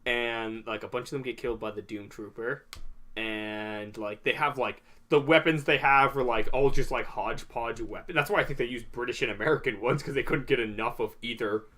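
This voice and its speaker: A man's voice: medium pitch, brisk. A young man co-hosting a casual podcast with friends, rambling through stories with lots of "like" and "um". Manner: rambling, animated storyteller full of "like" and "um". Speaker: podcast co-host. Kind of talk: casual chat.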